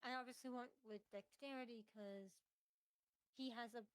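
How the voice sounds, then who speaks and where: A woman's voice: on the high side, fairly even intonation, moderate pace, smooth, no room sound. A woman chatting casually on a stream, blunt and emphatic and swearing freely. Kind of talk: casual chat.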